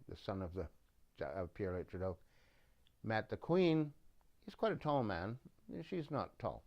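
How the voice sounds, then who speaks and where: A man's voice: lowish voice, a little mellow. A man from Canada giving a rambling, sardonic monologue full of digressions. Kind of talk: casual monologue commentary.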